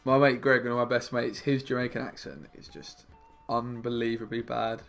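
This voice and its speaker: Brief: laid-back young male streamer, slight fry, faint game music under him. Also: medium pitch, fairly even intonation, normal speed, fairly bright tone. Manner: chatty, laid-back, mumbles asides to himself. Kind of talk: casual game commentary while chatting with viewers.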